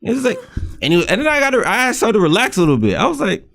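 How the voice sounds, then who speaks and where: Co-host, male, rapid and lively, a touch high, worked-up and repetitive delivery. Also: vocal fry. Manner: heated, emphatic, repeats himself. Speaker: podcast co-host. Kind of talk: casual chat.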